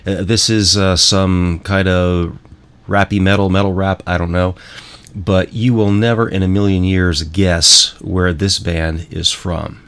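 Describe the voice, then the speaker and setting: A man's voice: low-pitched, flat delivery, a little slow, fairly bright tone, a little hiss or hum. A man hosting a show, talking in a rambling, emphatic way and repeating himself as he introduces music clips. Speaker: host. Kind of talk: casual monologue playing music clips.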